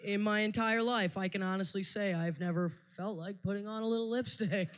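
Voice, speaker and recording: A woman's voice: medium pitch, steady tone, brisk, few pauses. A woman doing a stand-up set on a live stage, telling stories in a dry, wry way. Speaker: stand-up comedian.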